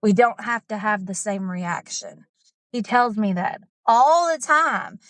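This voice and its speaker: Emotional, animated woman, dry sound. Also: mid-range voice, slow pace, no echo. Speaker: coaching client. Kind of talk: candid personal account.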